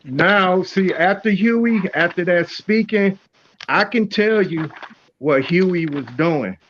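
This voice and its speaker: A high-voiced man explains in a very slow, deliberate way. His audio is dull and lo-fi, with faint background noise. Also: fairly bright tone. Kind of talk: casual chat.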